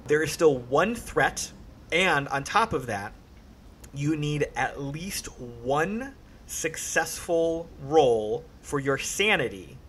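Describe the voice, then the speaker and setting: A man's voice: fairly high pitch, lively intonation, takes it slowly, a bit bright, a little hiss or hum. Upbeat male game master. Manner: upbeat, explains rules patiently. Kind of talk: running a tabletop horror game.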